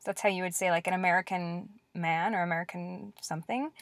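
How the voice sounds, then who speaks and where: Dry-sounding woman teaching slowly. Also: on the low side, fairly even intonation, dry recording. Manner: slow, clear drilling with repeated words; patient, encouraging. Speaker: language teacher. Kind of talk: lecture-style language lesson.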